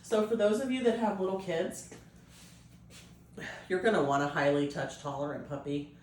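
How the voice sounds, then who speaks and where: A woman breeder explaining a puppy temperament test, switching between high coaxing puppy talk and calm explanation. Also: moderate pace, distant mic, slight background noise. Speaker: dog breeder. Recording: echoey room, voice off-mic.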